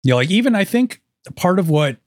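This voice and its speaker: A man's voice: high voice, very animated, normal speed, no echo. Hesitant man with a dry sound. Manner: hesitant, lots of "like" fillers. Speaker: podcast co-host. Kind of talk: casual chat.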